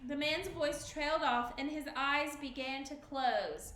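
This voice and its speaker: A woman reading a storybook aloud to children in a classroom, with clear, expressive storytelling. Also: sits high, a little slow, few pauses, roomy sound, slight background noise, poor audio.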